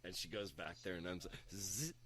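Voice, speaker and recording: A young man on a podcast spins a rambling anecdote in a bright, forward voice, jumping up in pitch whenever he quotes someone else. His talk is loose and profane, full of fillers. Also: normal speed. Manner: animated anecdote-telling, swearing, acting out quotes with raised pitch. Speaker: podcast co-host. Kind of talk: casual storytelling chat.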